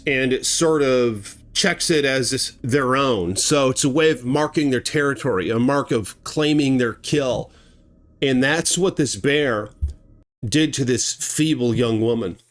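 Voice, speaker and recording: A man telling a chilling true story in a casual, dramatic way, with vivid asides to his viewers. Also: medium pitch. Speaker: horror storyteller.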